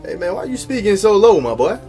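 Joking, slangy young gamer. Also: male voice, high voice, sing-song, fast, warm tone. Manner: joking, slangy, talking back at the game. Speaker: gaming YouTuber. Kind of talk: casual gameplay commentary. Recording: game music playing behind.

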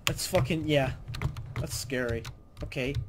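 A man's voice: a little high, unhurried, noisy background. A man streaming a game, chatting casually and yelping when startled. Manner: excitable, yelps and shouts when surprised. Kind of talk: casual gaming banter.

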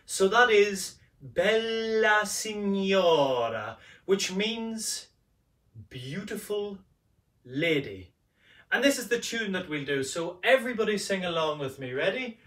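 Singing teacher, male, high voice, unhurried and playful, mic at a distance in a roomy space. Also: animated, a bit bright. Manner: playful, coaxing, demonstrates by singing. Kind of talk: vocal warm-up lesson.

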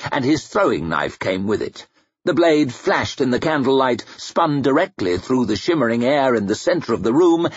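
A man reading an audiobook in a dramatic, expressive, measured way. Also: medium pitch, husky, no echo, highs cut off. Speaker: audiobook reader.

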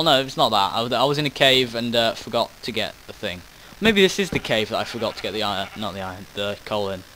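A man's voice: mid-range voice, bright, forceful tone, a little hiss or hum, low-quality recording. A man giving loose, rambling commentary over his own gameplay footage, often losing his train of thought and swearing casually. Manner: meandering, self-interrupting, casual swearing. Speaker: gaming commentator. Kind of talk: rambling post-recorded game commentary.

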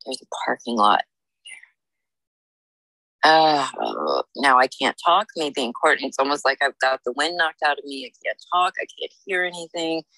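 A woman working as a psychic medium, giving a reading in a halting, searching way with many fillers and restarts. She speaks in the first person as the people she senses. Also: low-pitched, sharp tone, no room sound, low-quality recording. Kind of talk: intuitive reading monologue.

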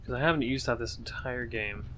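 A gamer giving casual gameplay commentary on a blind playthrough, excitable, swearing often and talking back at enemies. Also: mid-range voice, a little fast, noisy background. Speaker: gamer playing a shooter.

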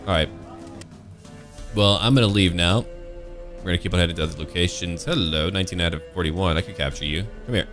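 Man, very deep voice, let's-play commentary, jokey, mock-grand phrasing, faint music underneath. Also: fast talker, pauses often, fairly bright tone. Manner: playful, jumps to high silly exclamations and laughs; mock-pompous old-fashioned phrasing. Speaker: gameplay commentator.

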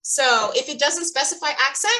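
A woman's voice: high voice, normal speed, noisy background. A woman co-hosting a panel on a video call, talking earnestly and animatedly, often restarting her sentences. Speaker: co-host of a panel discussion.

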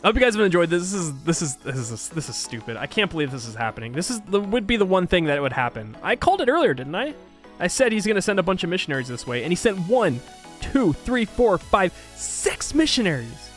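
A man's voice: on the high side, very animated, fast talker, a bit bright, faint music behind. A man commentating his strategy game, thinking aloud and exasperated at setbacks. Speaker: gaming YouTuber. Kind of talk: let's play commentary.

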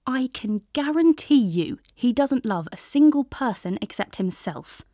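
A woman's voice: on the high side, expressive, a little slow, dark tone, no room sound, clean studio sound, pitched above the performer's own voice. A woman voicing a stern, disapproving middle-aged mother in an audiobook, speaking curtly and with scorn. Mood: scornful.

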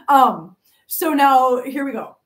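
A woman hosting a cat channel live stream, telling a long story to viewers in a chatty, animated way and laughing often. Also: high-pitched, distant mic.

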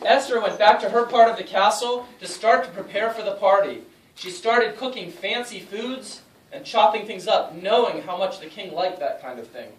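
A woman teacher of medium pitch and normal speed reads each line of a school play aloud in a school room so the children can repeat it back. The audio is echoey, with a distant mic and some faint noise.

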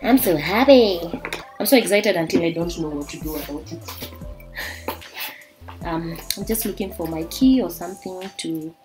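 A young woman from Kenya excitedly unboxing a beauty subscription box in a vlog, gushing and exclaiming as she goes. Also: lowish voice, normal speed, long pauses. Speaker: beauty vlogger. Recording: faint background music.

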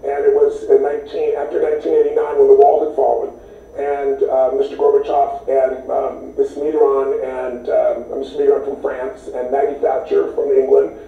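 A man's voice: medium pitch, monotone, moderate pace, vocal fry. A man from the United States, an interview guest telling stories in an enthusiastic, emphatic way. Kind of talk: animated storytelling. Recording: tinny, echoey, distant sound.

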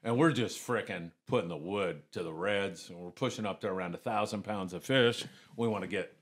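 In a laid-back podcast chat, a retired commercial fisherman, now an older man, tells his tales with lots of energy. His voice sits low and runs a little fast, and he jumps into raised voices whenever he quotes someone else.

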